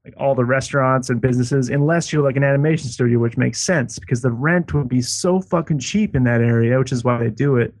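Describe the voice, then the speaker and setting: A man's voice: mid-range voice, brisk, few pauses, darkish tone, dry recording. A man co-hosting a casual podcast over a video call, telling rambling, profane stories. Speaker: podcast co-host.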